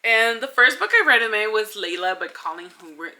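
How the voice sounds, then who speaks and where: Bright-voiced young woman gushing about books. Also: medium pitch, expressive, brisk. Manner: chatty and gushing, many fillers like "like". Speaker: book vlogger. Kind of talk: casual book review vlog.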